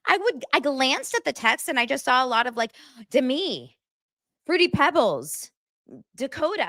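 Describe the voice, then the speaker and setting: A woman hosts a casual gossip podcast, animated and teasing, exaggerating for laughs. Her voice is bright and forceful and rises and falls a lot. The sound is dry and close. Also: high-pitched, normal speed, no echo. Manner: animated, jokey self-mocking exaggeration. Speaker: podcast host.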